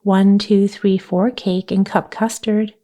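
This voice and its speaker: A woman voicing a shy young girl who speaks slowly and hesitantly in a storybook reading. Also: mid-range voice, little pitch movement, dark tone, natural voice.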